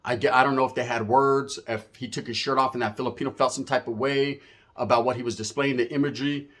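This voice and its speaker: A man's voice: medium pitch, quick pace. Slangy, profane man telling a story. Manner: profane, slang-heavy street talk; animated, with sound effects. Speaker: storyteller recounting prison life. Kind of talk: casual storytelling.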